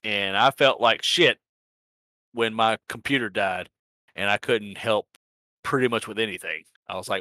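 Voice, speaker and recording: A man's voice: fairly low pitch, normal speed, pushed and bright, no room sound. A man recapping a sim racing season in a casual, rambling chat, swearing freely and laughing at himself. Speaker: sim racing league organizer and podcast host.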